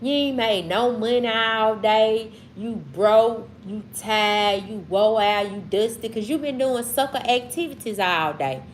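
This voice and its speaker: A woman's voice: a little high, slight background noise. A woman from Mississippi with a Southern accent, casually chatting on a livestream and answering comments. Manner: slow, drawling, talks back to chat. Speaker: livestream host.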